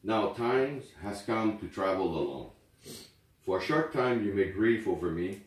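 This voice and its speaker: A man whose first language is French, reading memorial poems aloud at a wake in a slow, earnest way. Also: fairly low pitch, animated. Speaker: speaker at a wake. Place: memorial gathering indoors. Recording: very echoey room, far from mic.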